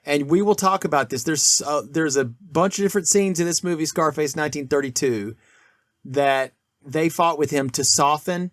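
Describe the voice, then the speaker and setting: A man's voice: a little high, moderate pace, fairly bright tone, no room sound. Male podcast co-host, rambling casual film talk, dry close mic. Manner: rambling, many restarts and fillers.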